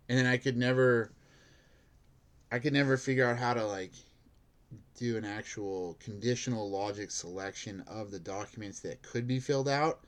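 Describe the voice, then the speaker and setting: Rambling man telling a work story. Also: medium pitch. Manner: rambling, heavy use of "like", laughs at himself. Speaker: bank security guard. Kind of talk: casual rambling monologue.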